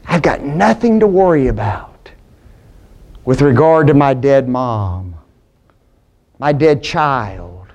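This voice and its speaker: A man preaching a sermon to a church audience. He speaks emphatically, swings from high, ringing peaks down to low, quiet lines, and keeps asking the audience rhetorical questions. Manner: emphatic, rising to high-pitched peaks then dropping low.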